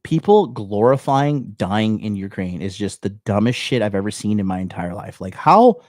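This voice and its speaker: A young male dating coach hosts a call-in show, reacting live to a clip in a brash, foul-mouthed, swaggering way. His lowish, darkish voice has lively intonation at a normal speed, and the recording is dry and close.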